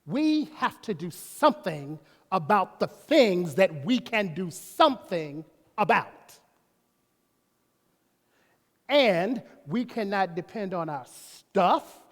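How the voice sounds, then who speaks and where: A man's voice: high-pitched, big pitch swings, takes it slowly, a bit bright. A man preaching a sermon as pastor, folksy, breaking off to talk to himself and to the congregation. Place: church sanctuary. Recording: long reverb of a church hall.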